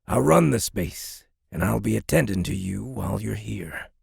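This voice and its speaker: Man doing a gravelly, curt military commander. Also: fairly low pitch, expressive, normal speed, no room sound, studio quality, exaggerated voice. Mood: strained politeness. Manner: curt, contemptuous. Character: brusque short male military base commander. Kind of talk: audiobook character voice.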